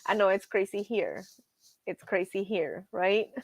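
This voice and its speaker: A woman hosting a casual live stream, telling stories in an animated way and laughing often. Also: mid-range voice, no room sound. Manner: animated storyteller, says y'all, laughs often. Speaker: livestream host.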